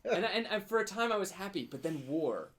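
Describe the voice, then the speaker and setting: Lively man telling a mock-heroic tale. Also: sits high, fast talker. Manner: earnest mock-heroic telling with casual fillers. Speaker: board game player. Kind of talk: improvised in-character storytelling.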